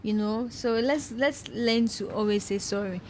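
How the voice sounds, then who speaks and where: A woman's voice: a little high, a little slow, darkish tone, a little hiss or hum. A woman hosting a podcast, chatting casually and animatedly, laughing often and repeating herself for emphasis. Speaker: podcast host. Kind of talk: casual chat.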